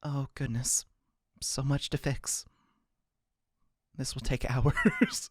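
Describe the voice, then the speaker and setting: A man voicing a polite, proper young female assistant in a game, speaking softly and formally. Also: mid-range voice, wildly swooping pitch, slow pace, breathy edge, no room sound, studio quality, full character voice. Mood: flustered. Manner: soft, polite, formal speech.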